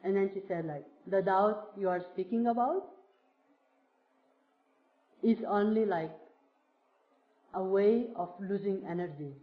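Slow woman doing a reflective spiritual talk, lots of "like", echoey room, kinda muffled. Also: medium pitch. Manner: slow, searching, many fillers like "like". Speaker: speaker sharing a teacher's words with a group. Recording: roomy, dull lo-fi sound.

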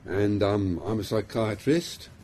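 A man's voice: fairly low pitch, takes it slowly, mellow, slight background noise. A middle-aged man with a London accent, a psychiatrist giving an informal, self-deprecating talk to a small group, full of fillers and restarts. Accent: London English.

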